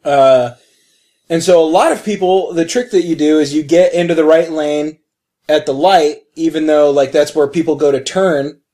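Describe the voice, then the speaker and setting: Man, high voice, profane co-host who rambles through explanations. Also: moderate pace, warm tone. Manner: crude, joking, explains at length. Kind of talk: casual chat.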